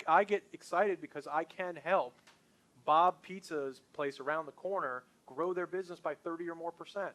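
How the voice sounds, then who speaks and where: Middle-aged man, sales trainer, slightly high voice, lively and punchy, talks straight to a group. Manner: enthusiastic, conversational, punchy.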